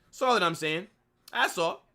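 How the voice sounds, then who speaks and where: Animated young man mocking his live chat. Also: high-pitched, normal speed. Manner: combative banter, mocking chat commenters. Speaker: streamer hosting a football watch-along.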